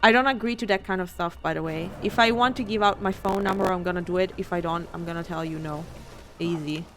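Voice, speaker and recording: A woman's voice: fairly low pitch, fast talker. Laughing, swearing woman streamer. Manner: laughs often, swears freely, animated storytelling. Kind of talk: casual chat while playing a game.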